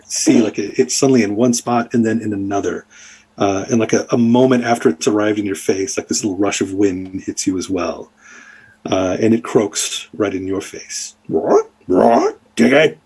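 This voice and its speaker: A man's voice: fairly low pitch, mellow, husky. A man narrating as dungeon master, rambling and full of fillers as he describes the scene. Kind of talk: narrating a tabletop game.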